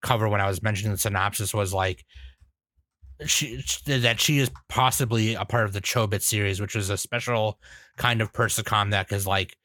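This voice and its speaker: A man's voice: on the low side, steady tone, normal speed, sharp tone, no room sound. A man co-hosting a podcast, rambling casually and laughing often. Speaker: podcast co-host. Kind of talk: casual chat. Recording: dry.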